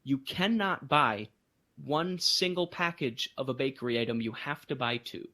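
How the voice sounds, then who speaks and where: A man co-hosting a podcast, telling a story in casual chat and jumping into high voices for emphasis. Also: normal speed. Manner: animated storytelling, voices others in bursts of high pitch. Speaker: podcast co-host.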